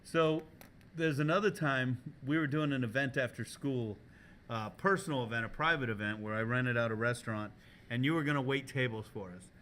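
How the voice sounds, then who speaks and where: Bright-voiced, profane storytelling podcast host. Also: male voice, medium pitch, fairly quick, a little hiss or hum. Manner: animated, profane storytelling, laughing often. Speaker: podcast host and culinary teacher. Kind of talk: casual podcast chat.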